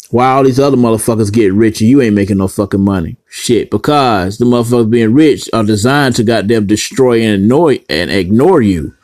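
A man's voice: lowish voice, darkish tone, no room sound. Man, blunt foul-mouthed vlogger; scattered rant, dead-dry recording. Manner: heavy cursing, blunt, scattered. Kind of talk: rambling profane rant to camera.

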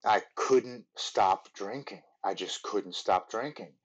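A man in his forties from Maryland, a podcast guest telling his recovery story in an earnest, halting way, often restarting his words. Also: on the low side, slightly rough. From Maryland, USA.

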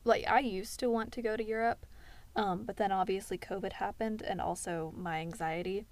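Gravelly teen girl explaining at length. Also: mid-range voice, fairly even intonation, normal speed, no room sound. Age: late teens. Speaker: podcast co-host. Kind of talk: casual chat.

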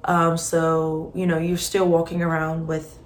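A young woman hosting a podcast, telling a personal story in a candid, expressive, conversational way with frequent fillers. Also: sits low, a little slow. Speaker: podcast host. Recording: roomy echo with faint background hum. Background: faint ambient noise, passing truck.

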